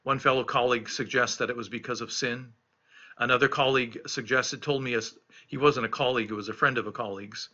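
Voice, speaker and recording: A middle-aged pastor, still recovering from an illness, preaches an earnest, emphatic devotional reflection and keeps circling back to repeat his key phrases. His mid-range voice is very bright and forward, but the recording sounds dull and lo-fi.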